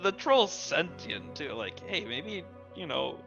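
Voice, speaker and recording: A man with a bright, tense voice chimes in agreeably, chuckling between short remarks in a casual review chat. His sound is dull and a little lo-fi, with faint music underneath. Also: a little high, sing-song, slow pace, vocal fry. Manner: agreeable, chuckling, brief interjections. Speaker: podcast co-host.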